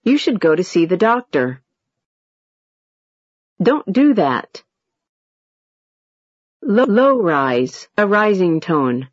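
Woman drilling intonation examples really slow, lively pitch swings, slightly husky, dull lo-fi audio. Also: no room sound. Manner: slow, deliberate, exaggerated tones. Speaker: English pronunciation teacher. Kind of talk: slow demonstration of intonation patterns.

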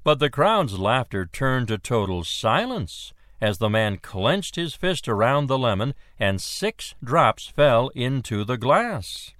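A man slowly telling a numbered joke as a story. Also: medium pitch, sing-song, a bit bright, dry recording, studio quality. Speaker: joke narrator. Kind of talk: slow told joke narration.

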